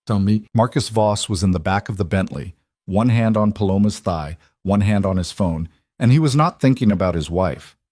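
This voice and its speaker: Male narrator for an audio story, low and steady, bone-dry close recording. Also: normal speed, no echo.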